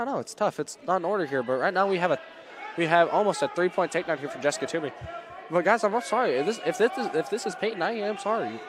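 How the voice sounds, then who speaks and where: A man calls a school wrestling match in a gym, his voice sitting a little high as he chatters along. He is excitable and rambling, quick to apologize for slips. A noisy crowd fills the background. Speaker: play-by-play announcer. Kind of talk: live school sports commentary. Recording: loud gym crowd noise. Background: cheering crowd and shouting coach.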